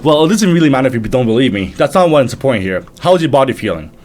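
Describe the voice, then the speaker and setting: A man voicing a calm, scheming young male prince who speaks in a cool, matter-of-fact way. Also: medium pitch, rapid-fire, lightly acted.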